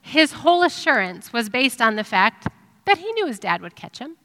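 A middle-aged woman giving an earnest, reflective devotional sermon, pausing with ums. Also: fairly high pitch, big pitch swings, pushed and bright. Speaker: speaker giving a devotional talk. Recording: long reverb of a hall.

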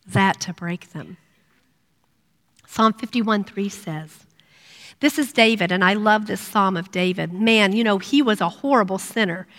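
A middle-aged woman giving a sermon to women, earnest and personal, dropping to a hush when she voices prayers. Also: medium pitch. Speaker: women's ministry speaker. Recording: long reverb of a hall.

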